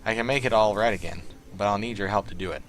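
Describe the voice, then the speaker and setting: A man voicing a nervous, indebted male hacker with a put-on Southern accent, talking in halting, filler-heavy bursts. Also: fairly low pitch, a little hiss or hum, close to an everyday voice. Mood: scheming.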